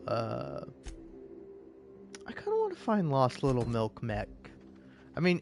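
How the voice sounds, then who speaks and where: An American man rambles and jokes over his gameplay, tripping over his words as he goes. His pitch jumps around a lot, with a faint hiss behind him. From United States. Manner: rambling, jokey, stammers. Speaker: gaming streamer. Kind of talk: casual gameplay commentary.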